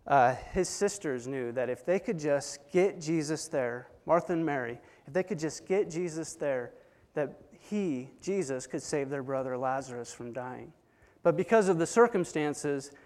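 A man preaching a sermon, retelling a story with dramatic swings between hushed and loud delivery. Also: fairly high pitch. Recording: long hall reverb.

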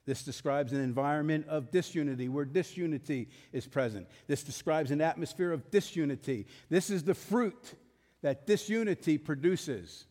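High-voiced preacher in an echoing hall. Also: male voice, moderate pace, a little mellow. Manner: emphatic, rhetorical questions to the congregation. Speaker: pastor. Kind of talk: sermon.

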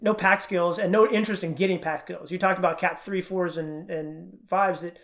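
A middle-aged coach guesting on a podcast races animatedly through his stories in a casual chat. His voice is fairly high and fairly bright, with fairly even intonation and vocal fry.

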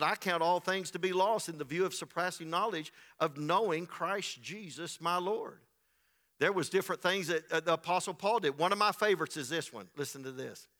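Bright-voiced preaching pastor. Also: male voice, a little high. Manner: builds from quiet storytelling to loud, rising preaching; acts out the voices of the people in the story. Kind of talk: sermon.

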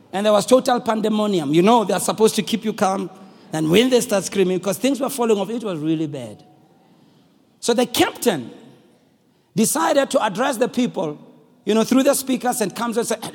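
Male preacher, very high husky voice, booming sermon in a reverberant hall. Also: normal speed, pauses often. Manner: animated, calls out to the congregation. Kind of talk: sermon with storytelling.

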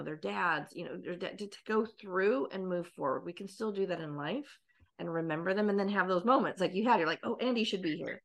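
Low, gravelly-voiced woman host. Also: a bit bright. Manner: affirming, thoughtful, with frequent "right?" tags. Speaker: podcast host. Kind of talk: reflective interview conversation.

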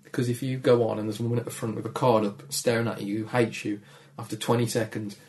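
Rich: A young man speaking with a Black Country accent from Dudley, his voice deep and gravelly at a middling pitch. He chats as an interview guest, shy and low-key, sounding a little downtrodden. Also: level tone, fast, a little mellow. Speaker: comedian guest. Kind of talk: casual interview chat.

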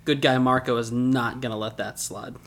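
A man's voice: mid-range voice, fairly even intonation, moderate pace, fairly bright tone. A man co-hosting a podcast, chatting casually about an anime and tossing in dry, sarcastic remarks. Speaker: podcast co-host. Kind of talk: casual anime recap chat.

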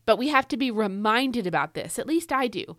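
A woman's voice: on the high side, lively intonation, fairly quick, a bit bright, no echo. A woman hosting a devotional podcast, teaching Scripture in an earnest, emphatic way and repeating her key phrases. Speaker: podcast host.

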